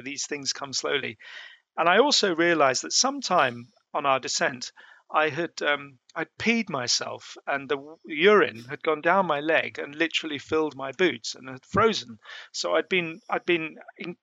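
A middle-aged man tells his story in a gravelly, slightly raised voice with a bright edge. He speaks haltingly, restarting phrases often. The sound is close and dry, with no room around it. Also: fairly high pitch, no echo. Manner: halting, with many restarts and fillers. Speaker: mountaineer telling his story. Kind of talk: casual spoken storytelling.

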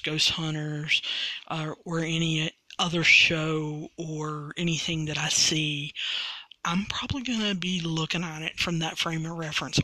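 A man hosting a solo podcast, reviewing a paranormal TV show in a rambling way with many pauses, his voice cracking slightly. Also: on the high side, bright, forceful tone, no room sound, low-quality recording. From West Virginia. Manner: rambling, many ums and restarts. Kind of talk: casual solo podcast commentary.

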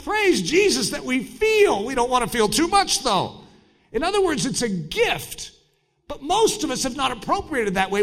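A man preaching a sermon in an animated way, breaking into shouted mock voices. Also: high voice.

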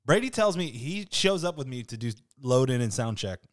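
A man hosting a loose podcast chat, animated and quick to swear. His voice sits mid-range. The sound is dry with no room echo. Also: mid-range voice. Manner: animated storyteller, swears freely. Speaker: podcast host. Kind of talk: casual chat.

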